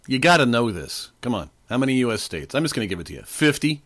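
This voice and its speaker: A man in his forties or older, slightly hoarse, hosting a casual trivia quiz podcast with a playful, joking manner. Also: medium pitch, big pitch swings, fast, a bit bright. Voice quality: playful, jokey. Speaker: podcast host. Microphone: desk microphone.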